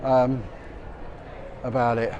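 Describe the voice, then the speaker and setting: A man's voice: mid-range voice, flat delivery, slow pace, darkish tone, muffled recording. A middle-aged man, chatting and rambling as he walks through busy city streets for a livestream, with lots of restarts and fillers. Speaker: vlogger. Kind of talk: walking livestream commentary. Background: passers-by and street noise.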